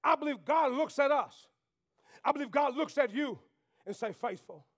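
A man preaching a sermon to his church. He calls on the congregation to talk back, rising to shouts and dropping to near whispers. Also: very high voice, normal speed. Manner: preaching with call-and-response, swings between shouting and quiet. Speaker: pastor. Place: church sanctuary.

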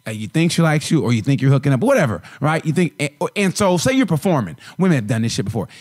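A young adult man co-hosting a comedy podcast, talking in an animated, rambling way with lots of restarts and acted-out quotes. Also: fairly high pitch, fast. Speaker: podcast co-host. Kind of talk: casual comedic chat.

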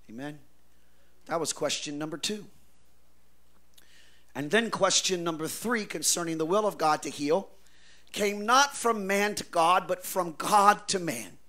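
A man preaching a revival sermon, swinging from quiet asides to shouted declarations, with a folksy preacher's cadence. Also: high voice, a little slow, pauses often. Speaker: pastor.

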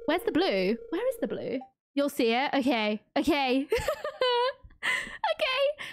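An excitable woman streams a farming game and chats away with her viewers. Her high voice swoops all over the place. It is close and dry on a desk mic. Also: a little slow, no echo. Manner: gushing, excitable, chatting with viewers. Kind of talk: casual live-stream commentary.

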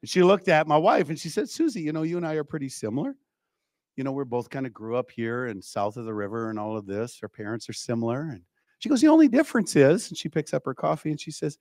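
A man's voice: mid-range voice, big pitch swings, fast talker, a little mellow, no echo. A man preaching a revival sermon, telling a story with frequent call-outs to the congregation. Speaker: evangelist preacher. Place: church.

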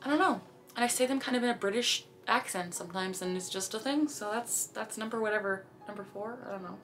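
A woman's voice: mid-range voice, fast, fairly bright tone, a little hiss or hum. A young woman from Canada talking casually to camera in a vlog, chatty, with sudden phrases blurted out between sentences. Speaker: vlogger.

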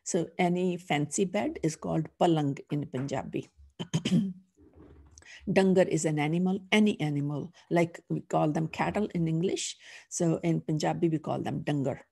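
A woman's voice: low-pitched, normal speed, creaky, dark tone, breathy edge. A middle-aged woman teaching a language class, patiently sounding out each letter before saying the whole word. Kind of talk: slow, patient phonics lesson.

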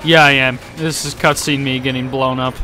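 A man's voice: medium pitch, level tone, normal speed, music in the background. A young man casually commenting over his gameplay, making sarcastic jokes and laughing often. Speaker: gaming YouTuber.

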